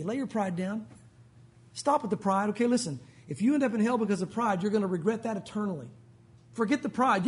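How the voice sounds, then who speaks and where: A man's voice: sits high, fairly quick. A male pastor preaching a sermon at a church service, urgent and emphatic.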